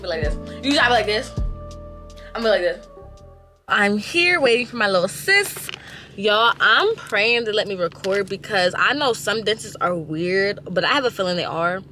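A woman's voice: medium pitch, very animated, normal speed, pushed and bright, soft background music. A woman in her twenties chatting casually to her camera in a vlog, outspoken and blunt with lots of slang. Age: 20s. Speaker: vlogger. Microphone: compact camera held close.

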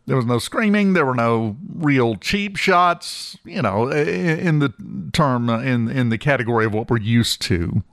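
A man's voice: medium pitch, expressive, a little slow, fairly bright tone, no room sound. A man hosting a talk radio show in a studio, delivering a blunt, sarcastic opinion monologue with emphatic repetition.

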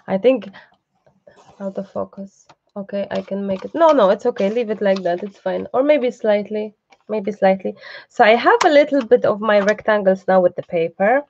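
Woman, craft class host, chatty, reassuring, gravelly voice, dull muffled sound. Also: medium pitch, moderate pace, darkish tone, slight background noise. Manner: chatty and reassuring, asides to the camera operator. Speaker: craft teacher hosting a live online class. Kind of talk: live craft tutorial, casual chat.

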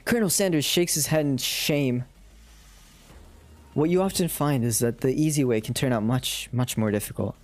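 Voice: medium pitch, normal speed, a little mellow, soft background music. A streamer casually reading a dating sim aloud on a live stream, swearing and laughing at their own slips.

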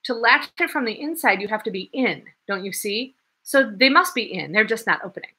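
Woman voicing excitable young male student, raised high voice, loud, insistent, bright. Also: fairly quick, husky, heavily acted. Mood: urgent.

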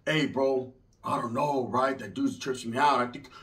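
A man voicing a jittery, paranoid young gangster cousin whose voice climbs higher as he panics. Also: fairly even intonation, normal speed, fairly bright tone, close to an everyday voice. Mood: panicky.

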